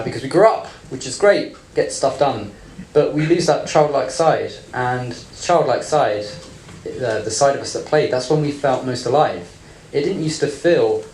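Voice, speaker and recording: A man in his thirties speaks at mid pitch on a live panel, blunt and playful, with mild swearing tossed in. His voice rings in an echoey room, and a faint hum of ambience sits underneath. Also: darkish tone. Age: 30s. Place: event room with audience.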